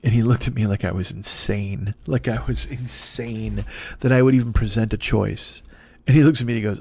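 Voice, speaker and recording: A man in his forties, a comedian hosting his own podcast, rambling in a profane, self-deprecating monologue from his dark apartment. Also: lowish voice, fast, creaky, dry recording. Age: 40s.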